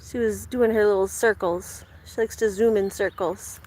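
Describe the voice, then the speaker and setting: A young woman chatting casually with her live chat from her garden, slipping into high sing-song baby talk with her dog. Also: fairly even intonation, normal speed, few pauses, darkish tone. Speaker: vlog host talking to live chat. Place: outdoors in a home garden.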